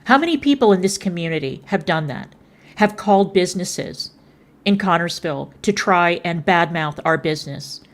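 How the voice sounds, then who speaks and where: A woman's voice: lowish voice, lively intonation, normal speed. A woman streamer scolding someone in heated livestream commentary, contemptuous and swearing freely.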